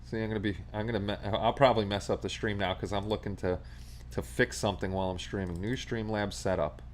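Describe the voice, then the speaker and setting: A man's voice: lowish voice, fairly even intonation, fast, a little hiss or hum. A man with a New York accent hosting a casual livestream, chatting and rambling along with his viewers. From Astoria, Queens, New York. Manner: chatty, rambling, reads viewer comments aloud. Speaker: livestream host. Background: faint Christmas music.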